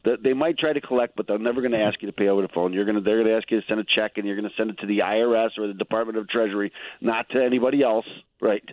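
A man calling in as a tax expert guest on a radio interview, emphatic and quick to chuckle. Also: fairly low pitch, no echo. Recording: tinny phone line.

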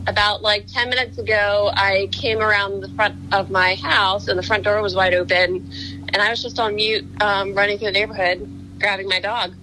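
A woman's voice: mid-range voice, fairly even intonation, moderate pace, pushed and bright, a little hiss or hum, low-quality recording. A woman chatting in an easygoing way from home on a video call, with some "um" and "like" fillers. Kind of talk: casual chat on a video call.

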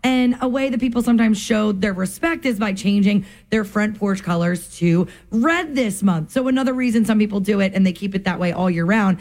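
A woman's voice: medium pitch, fairly quick, hardly any pauses, a little mellow. A young woman with a New Jersey accent, co-hosting a radio morning show and telling stories in chatty, upbeat banter. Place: radio studio.

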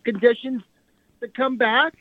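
A man's voice: extremely high pitch, steady tone, measured pace, no echo. A man calling in to a sports radio show, talking in a rambling, insistent way. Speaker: caller. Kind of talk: call-in radio talk. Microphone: telephone. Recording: tinny phone line.

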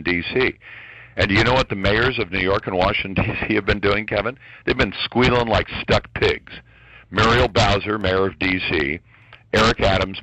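A man's voice: low-pitched, pushed and bright, no room sound, rough recording. A man speaking as a guest commentator on a radio talk show, ranting in a heated, emphatic way.

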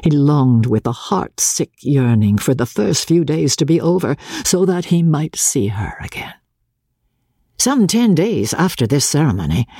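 Expressive reader doing an old novel, chuckly, very animated, dry close sound. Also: medium pitch, slightly rough, no room sound. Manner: theatrical, varied reading with soft chuckles. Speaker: audiobook reader. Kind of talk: expressive classic-novel narration.

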